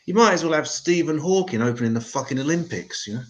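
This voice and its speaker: A man's voice: a little high, lively intonation, fast, poor audio. An English man hosting an open mic comedy show, with profane, self-mocking stand-up banter. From England.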